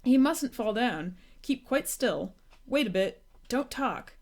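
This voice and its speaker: A woman's voice: fairly high pitch, animated, slow, pitched above the performer's own voice. A woman voicing a young male troll creature in a storybook read-aloud, eager, doting and breathless. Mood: coaxing.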